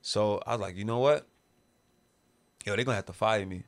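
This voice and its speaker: A man's voice: on the low side, fairly quick. A man with a New York accent from Brooklyn, telling a long story in a podcast interview and acting out quoted voices with slang. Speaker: interview guest. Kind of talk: casual storytelling.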